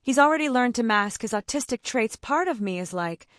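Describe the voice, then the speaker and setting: A woman's voice: on the high side, expressive, a little fast, a bit bright, dry recording, clean studio sound. A mother of autistic children giving casual advice, chatty and full of "like", acting out the conversations she describes. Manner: chatty, fills speech with "like", acts out quoted dialogue.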